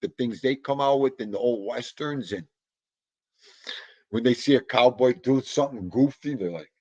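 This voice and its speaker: A man hosts a loose livestream chat, rambling from one thought to the next and reading out viewer comments. His voice sits in a mid range and now and then jumps into loud exclamations. The recording is dull and dry, like home stream audio. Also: medium pitch, normal speed, breathy edge, dry recording.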